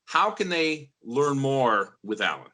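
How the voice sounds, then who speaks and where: Male interviewer, crisp bright tone, measured, searches for words. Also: mid-range voice, big pitch swings. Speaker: interviewer, course creator.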